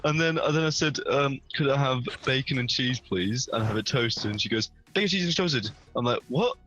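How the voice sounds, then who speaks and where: Young male podcast co-host, husky voice, animated, light music under it. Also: brisk, rough recording. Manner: animated storyteller, jumps high when acting out quotes. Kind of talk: casual chat.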